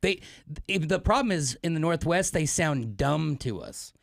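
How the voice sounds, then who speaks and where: Gravelly wisecracking male co-host. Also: on the high side, animated, a little slow, no room sound, studio quality. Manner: wisecracking, teasing. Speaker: radio co-host. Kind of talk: casual radio chat.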